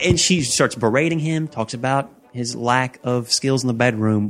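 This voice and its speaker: A man's voice: medium pitch, steady tone, normal speed, faint music behind. A man hosting a podcast, casually recapping a movie and acting out lines in a rambling, joking way. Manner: rambling, jokey, acts out lines. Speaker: podcast host.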